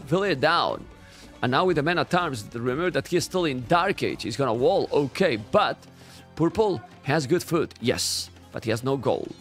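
A man with a Spanish accent giving live commentary on a strategy game, chatty and animated, often talking straight to his chat. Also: medium pitch, moderate pace, faint music behind. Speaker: game caster.

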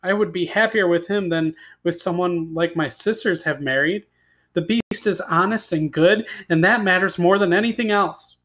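A man's voice: sits high, moderate pace, fairly bright tone. A man voicing a young, kind-hearted heroine in a fairy tale read-aloud, with an emotional, pleading delivery. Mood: earnest. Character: young woman heroine, tender and earnest.

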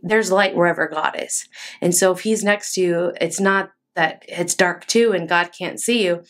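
A woman from Texas leads a relaxed faith talk on her podcast. Her voice sits at an ordinary middle pitch. She speaks earnestly and conversationally, often leaning on fillers as she goes. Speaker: podcast host. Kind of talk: casual devotional talk.

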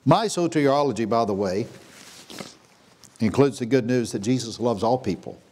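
A man delivers a sermon from the pulpit of a church sanctuary. His pitch is very lively, leaping up and down as he moves between hushed, drawn-out phrases and ringing, high-pitched exclamations. His voice sits at a middle pitch for a man. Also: a little hiss or hum. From Texas. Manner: preaching with big swings, dropping to a hush then rising to a near shout. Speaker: pastor.

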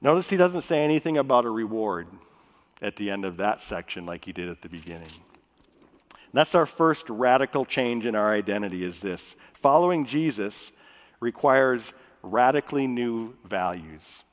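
A man preaching a sermon as pastor. He talks in a relaxed, conversational way, jokes with the congregation, and slows down to read scripture. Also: on the low side. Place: church sanctuary. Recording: long reverb of a church hall.

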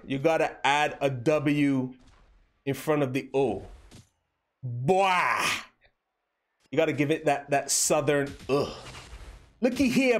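A young man hosting a livestream, giving casual gameplay commentary and teasing his chat in a playful, joking way. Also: fairly high pitch. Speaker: livestream host.

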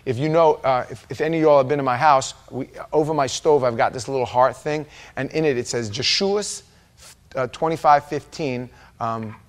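In a church sanctuary, a man of medium pitch and moderate pace leads an informal Bible-study sermon, chatty and joking with the congregation as their pastor.

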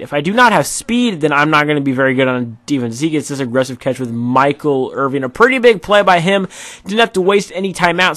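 A man's voice: on the high side, a bit bright, no echo. A tired man doing casual, rambling commentary over his football video game match, with many fillers. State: tired, yawning. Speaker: gaming YouTuber.

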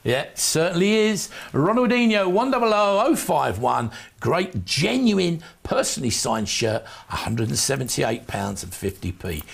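A male shopping-channel presenter with a gravelly, husky voice that swoops up and down as he sells. His patter is chatty and jokey, pitched a little high for a man. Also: big pitch swings, a little slow, few pauses. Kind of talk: TV sales pitch.

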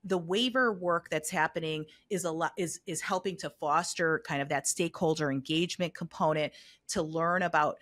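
A woman's voice: low voice, moderate pace, fairly bright tone, no echo. Woman speaking in a dry close sound. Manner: thoughtful, leans on "you know" and fillers. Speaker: health equity consultant guest. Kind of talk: conversational expert interview.

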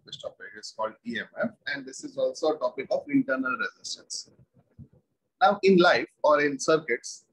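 A man's voice: medium pitch, normal speed, a bit bright, breathy edge, low-quality recording. A man teaching a physics class, repeating every point and asking the students rhetorical questions. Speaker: physics lecturer. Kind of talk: classroom lecture.

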